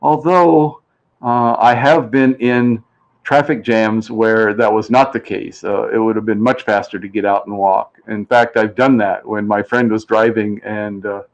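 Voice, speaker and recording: A man's voice: on the low side, fairly even intonation, measured pace. A man hosting a game show live stream, chatting casually and reading out viewer comments. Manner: chatty and rambling, reads chat aloud, plays with pronunciations.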